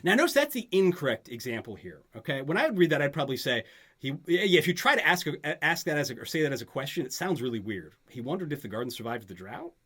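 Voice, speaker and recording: A man with a slightly high, bright voice and big pitch swings talks fast while tutoring a student in grammar. The session is a relaxed back-and-forth, and he patiently checks her understanding often.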